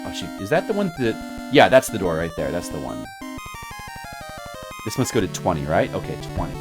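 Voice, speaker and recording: A man streaming a retro video game, talking to his audience in a mock-dramatic way that swings from loud hype to quiet muttering. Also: deep voice, wildly swooping pitch, moderate pace. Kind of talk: casual gameplay commentary. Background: video game music.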